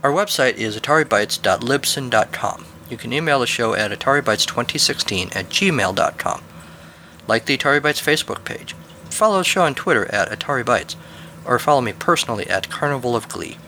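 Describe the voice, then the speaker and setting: Bright-voiced man narrating a story. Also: mid-range voice, expressive, fairly quick, slight background noise. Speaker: podcast host and storyteller.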